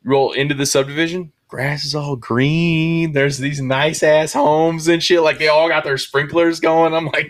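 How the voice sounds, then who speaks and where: A man's voice: a little high, steady tone, normal speed, few pauses. A man co-hosting a podcast, telling rambling stories in casual banter and swearing freely. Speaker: podcast co-host.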